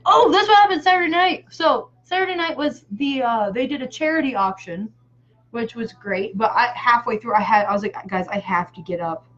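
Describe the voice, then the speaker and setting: A woman's voice: a little high, lively intonation, brisk, fairly bright tone. Rambling chatty woman, muffled audio. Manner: rambling storyteller, filler-heavy, swears casually. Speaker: vlogger painting a face design. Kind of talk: casual chat.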